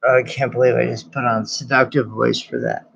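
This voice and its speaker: A man's voice: medium pitch, little pitch movement, moderate pace, creaky, fairly bright tone, no room sound, lo-fi sound. A man streaming and chatting casually, giggling and laughing constantly between his phrases. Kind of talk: casual chat.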